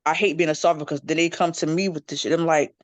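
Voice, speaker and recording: A middle-aged woman chatting casually in a group discussion, telling stories with lively quoted voices. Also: quick pace, no room sound. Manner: animated storytelling, jumps into high-pitched quoted voices. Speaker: panel guest. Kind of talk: casual chat.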